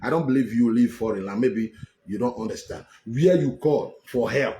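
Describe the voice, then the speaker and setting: A man's voice: mid-range voice, moderate pace, warm tone, slight background noise. A Nigerian man hosting an online political show, scolding his listeners and repeating himself as he argues. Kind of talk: heated political commentary. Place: home in Europe. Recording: echoey room with faint ambience.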